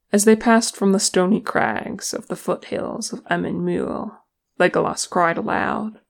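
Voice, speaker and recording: Woman narrator for audiobook, slow, lowish, bit of fry. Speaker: audiobook reader. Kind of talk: fan fiction audiobook narration.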